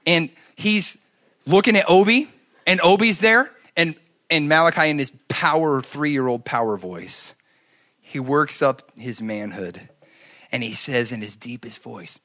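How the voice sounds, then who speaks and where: A middle-aged man preaching a sermon, telling stories and swinging from loud to hushed. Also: medium pitch, animated, moderate pace. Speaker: pastor.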